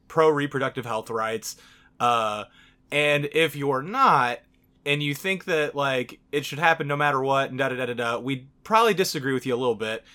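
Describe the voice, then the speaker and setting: A man's voice: mid-range voice, moderate pace, sharp tone. A man co-hosting a casual podcast, talking candidly, swearing freely, with lots of fillers. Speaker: podcast co-host.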